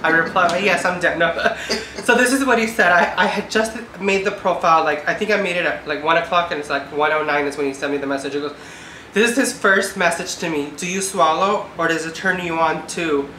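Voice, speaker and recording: A woman in her twenties talks through a casual vlog, her words full of "like" and a note of exasperation. Her voice has a bright, sharp edge. The recording has a roomy echo. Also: on the low side, a little fast, slight background noise. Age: 20s. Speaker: vlogger. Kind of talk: casual chat. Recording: echoey room.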